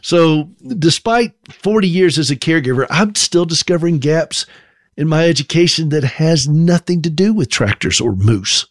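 A Southern man in his fifties tells stories in a folksy, self-deprecating way, full of humorous asides. His voice sits a touch high for a man. The sound is dry and close, with no room around it. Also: expressive, normal speed, no echo. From South Carolina. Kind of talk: storytelling monologue.

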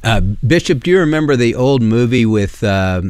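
A man's voice: mid-range voice, expressive, moderate pace, a little mellow, clean tone, no room sound. A man hosting a call-in radio show, speaking earnestly and plainly and taking callers.

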